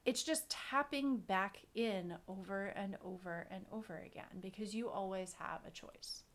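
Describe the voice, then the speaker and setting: A woman's voice: mid-range voice, unhurried. A woman co-hosting a casual podcast chat, talking earnestly and repeating her key points for emphasis. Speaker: podcast co-host.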